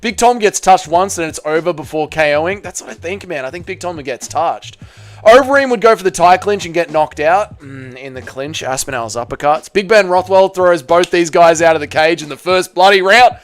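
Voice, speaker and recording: A man with an Australian accent talks in a fairly high voice at a normal pace. He's live-streaming, casually chatting and reacting with his viewers, and he swears freely.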